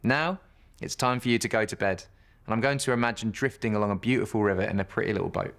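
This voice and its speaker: A man reads a children's picture book aloud at bedtime, gentle and unhurried. His voice sits somewhat low. The storytelling stays calm and warm in pace throughout. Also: gravelly, slight background noise.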